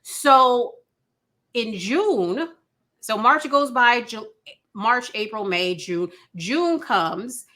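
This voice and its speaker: Bright, chatty woman recapping a show. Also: fairly high pitch, extremely slow. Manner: chatty, animated retelling with filler asides. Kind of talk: casual recap storytelling. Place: home room by a glass sliding door.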